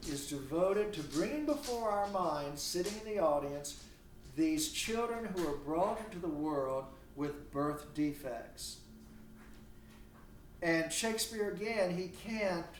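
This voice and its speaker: A man's voice: a little high, recorded from a distance, slight background noise. A man teaching a literature class online from home, talking in a conversational, digressive way and leaning hard on key words. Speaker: literature instructor. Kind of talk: recorded online lecture. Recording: roomy, off-mic home recording.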